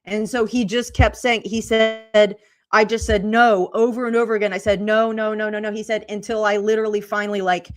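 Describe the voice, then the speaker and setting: A woman's voice: medium pitch, steady tone, fairly quick. A woman podcast host casually retelling a spooky story, chatty, with many fillers and quoted asides.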